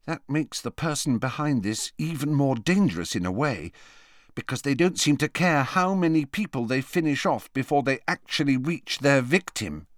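A man's voice: mid-range voice, expressive, moderate pace, no echo, clean studio sound, voice pushed up, close to an everyday voice. A man voicing a clever teenage girl who sounds congested and broods as she reasons. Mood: brooding. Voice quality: congested, like a head cold.

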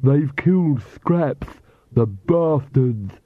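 A man voicing a hulking male castle servant, slow and sobbing. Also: medium pitch, lively intonation, dry recording, narrow, tinny audio, pitched above the performer's own voice. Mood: grieving.

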